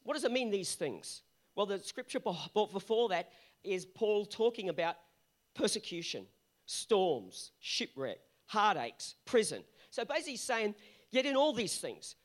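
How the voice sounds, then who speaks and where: A male pastor delivers a fired-up sermon, his voice pitched high. He sounds hoarse, and he drives his points home by repeating short refrains.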